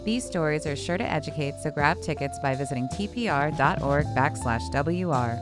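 A woman's voice: low voice, expressive, moderate pace. A woman hosting a radio storytelling program, announcing with a dry wit. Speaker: host. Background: music.

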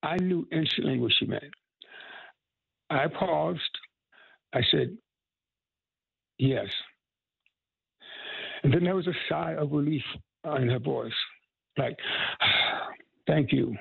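An elderly man in his eighties, from North Carolina, speaks earnestly in an interview. His voice is heavily gravelly and husky, with a slightly raised pitch. It comes through a tinny, phone-like line. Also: slow pace, long pauses, no room sound. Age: 80s. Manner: earnest, heartfelt storytelling. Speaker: musician and activist.

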